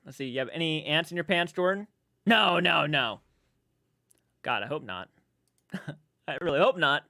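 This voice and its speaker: A man's voice: on the high side, lively intonation, normal speed, pushed and bright, no room sound, studio quality. A man chatting casually on a live stream, reading viewers' comments aloud, rambling and swearing freely.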